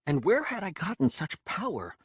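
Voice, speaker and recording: A man narrating an audiobook in an expressive, wry storytelling manner. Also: high-pitched, moderate pace, slightly rough, no room sound, clean studio sound. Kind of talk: scripted narration.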